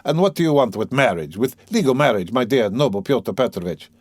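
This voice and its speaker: A man's voice: medium pitch, sing-song, fairly quick, darkish tone, dry recording. A man reading the part of a fervent, idealistic young radical, speaking in an earnest, eager, lecturing way.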